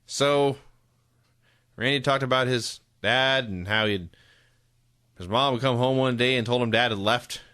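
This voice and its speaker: A man's voice: mid-range voice, unhurried, long pauses, sharp tone, dry recording. A man co-hosting a podcast, chatting casually in a dry, matter-of-fact way. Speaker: podcast co-host. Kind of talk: casual chat.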